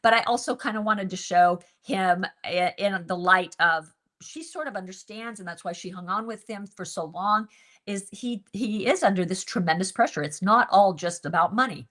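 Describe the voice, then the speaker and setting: A woman hosting a book group interview, chatting casually and telling stories in an animated way, laughing often. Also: medium pitch, moderate pace.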